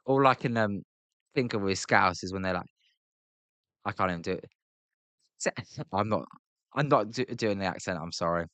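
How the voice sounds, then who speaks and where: A man's voice: fairly low pitch, moderate pace, long pauses, fairly bright tone, no echo. A British man hosting a live baseball reaction stream, mixing casual play-by-play with chatty, rambling talk full of fillers and restarts.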